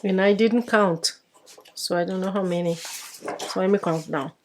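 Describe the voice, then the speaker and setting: A woman's voice: medium pitch, a little slow, a little hiss or hum. A woman hosting a crafting channel, casually unboxing a card kit with fond, chatty commentary and frequent restarts.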